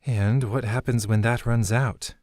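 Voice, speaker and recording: A man voicing a grieving, guarded young woman who speaks quietly and tersely. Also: medium pitch, fairly even intonation, measured pace, no echo, studio quality, lightly acted.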